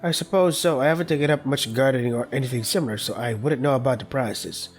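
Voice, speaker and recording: A man's voice: medium pitch, quick pace, natural voice. A man voicing a polite, formal male student painter who is courteous, stiff and takes things literally, read in his own everyday voice over faint background music.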